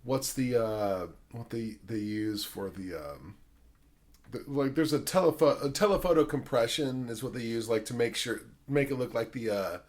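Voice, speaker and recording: A man's voice: mid-range voice, moderate pace. A man hosting a podcast, chatting casually about a film, rambling with many fillers and frequent swearing. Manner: acts out quotes in animated voices. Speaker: podcast host.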